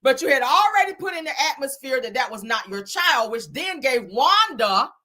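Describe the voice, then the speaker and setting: A woman's voice: sits high, big pitch swings, moderate pace, pushed and bright. A woman hosting reality TV commentary, blunt and scolding, with frequent swearing. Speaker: commentary host.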